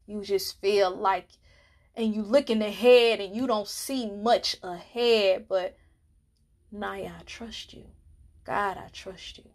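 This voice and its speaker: Soft-spoken earnest woman, slow delivery. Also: a little high. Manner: earnest and emotional, drops to near whispers. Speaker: podcast host. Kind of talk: reflective monologue.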